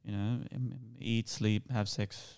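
A young man with an Australian accent, talking as a podcast guest. His low voice has a gravelly fry, and he rambles eagerly in quick bursts, restarting his sentences as he goes. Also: fairly even intonation, a little mellow. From Australia and Sri Lanka. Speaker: guest actor. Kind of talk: casual podcast conversation.

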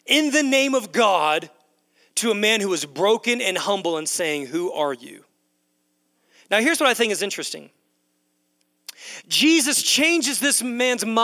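A man delivers a sermon in a high, bright voice. He stacks emphatic, repeated phrases and talks straight to the crowd. A long reverb from the big hall trails behind every sentence. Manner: repetitive emphatic preaching, addresses crowd as guys. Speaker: pastor. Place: large church hall. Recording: long echo of a large hall.

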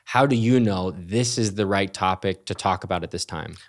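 Low-voiced young man asking measured questions. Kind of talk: podcast interview questions.

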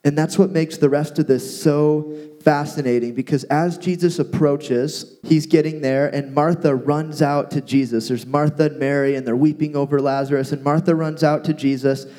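A man co-hosting a casual talk, retelling a Bible story with playful asides and lively paraphrase. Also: on the high side, moderate pace. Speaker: podcast co-host teaching from the Bible. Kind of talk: casual Bible teaching chat.

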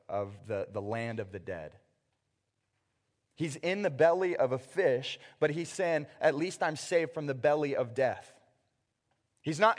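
Man preaching in an echoing hall. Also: mid-range voice. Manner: conversational, acts out scenes with sudden loud bursts. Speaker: pastor. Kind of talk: sermon.

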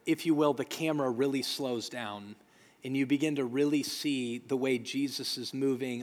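A man preaching a sermon as a pastor, earnest and emphatic, repeating phrases for weight. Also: mid-range voice. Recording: long hall reverb.

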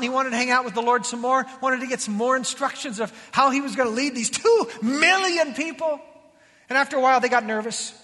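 High, bright-voiced preacher in a reverberant hall. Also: male voice. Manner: animated, conversational preaching with voiced quotes. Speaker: pastor. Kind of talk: sermon. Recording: long reverb of a large hall.

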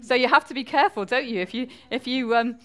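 A woman's voice: fairly high pitch, fast. A woman from northwest England with a Mancunian accent, giving a chatty church talk and quizzing the congregation. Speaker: preacher.

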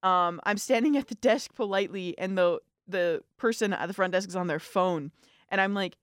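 A woman in her twenties co-hosts a college radio show, telling a story in casual chat and acting out the lines she quotes. Her mid-range voice is clear and resonant at a moderate pace, captured on a studio microphone with clean, echo-free sound.

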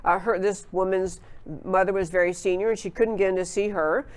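A woman's voice: mid-range voice, steady tone, a little fast. A woman hosting a political talk show, giving opinionated commentary in an emphatic way, with frequent fillers and restarts.

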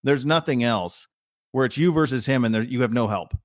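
A man's voice: mid-range voice, brisk, no room sound, clean studio sound. A middle-aged man co-hosting a podcast in casual chat, a rambling storyteller who often restarts his sentences. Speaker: podcast co-host.

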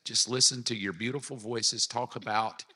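Man, pastor on a guest spot, upbeat and bright, echoey long-reverb room. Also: mid-range voice, fairly even intonation, moderate pace, husky. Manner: upbeat, joking, effusive. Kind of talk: casual podcast chat.

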